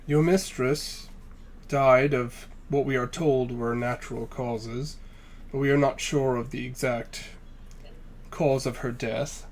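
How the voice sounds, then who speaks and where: A man playing a tabletop game, speaking slowly and deliberately in character. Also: mid-range voice, fairly even intonation, a little hiss or hum. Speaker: player. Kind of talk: tabletop role-play.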